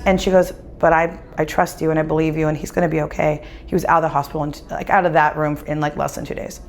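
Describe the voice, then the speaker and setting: Woman medium telling stories, acts out the quotes, lowish voice. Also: fast talker, slight background noise. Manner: animated, acts out quoted dialogue. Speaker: psychic medium guest. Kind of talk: casual storytelling conversation. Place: winery.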